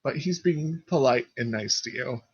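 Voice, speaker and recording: A man's voice: mid-range voice, normal speed, breathy edge, no room sound, dull audio. A man narrating a tabletop game as game master, hesitant and full of fillers. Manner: hesitant, many fillers and restarts.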